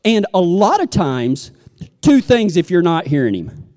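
A man's voice: high-pitched, big pitch swings, measured pace, warm tone. A Texan man preaching a sermon, folksy and full of stories, acting out what people say. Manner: folksy, storytelling, acts out quotes. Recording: long hall reverb.

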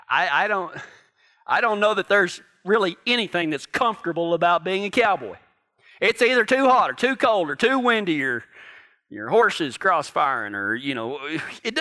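A man preaching a sermon as a cowboy church pastor, telling folksy ranch stories and swinging between hushed moments and loud outbursts. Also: on the high side, animated, brisk.

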